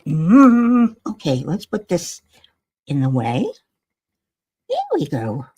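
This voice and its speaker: A woman's voice: deep voice, sing-song, takes it slowly, warm tone, breathy edge. An older woman, tired and yawning, rambling wryly to herself while she crafts at home on a livestream. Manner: rambling, self-talking, wry and chatty. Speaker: livestream host. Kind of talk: casual chat while crafting.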